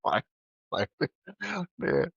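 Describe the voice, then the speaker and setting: A man co-hosting a podcast in casual chat, an animated storyteller who acts out the voices of people he quotes. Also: drawn-out words, no echo, lo-fi sound. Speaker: podcast co-host.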